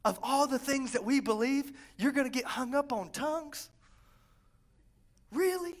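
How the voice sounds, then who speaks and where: A man preaching a lively, conversational Pentecostal sermon, swinging from quiet asides to fervent shouts. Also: extremely high pitch, unhurried. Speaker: pastor.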